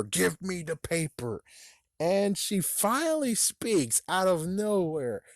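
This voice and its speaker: A man reviewing a book, ranting in an exasperated way, swearing often and laughing a lot, his voice shooting up high when he is outraged. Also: a little mellow, no room sound, studio quality.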